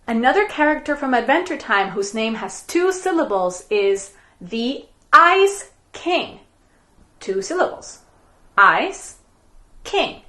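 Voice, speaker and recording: A woman teaching a recorded music lesson for young children, counting beats and speaking rhythm syllables in a slow, clear, patient way. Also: high voice, background noise. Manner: slow, clear, patient classroom delivery with counted clapping chants.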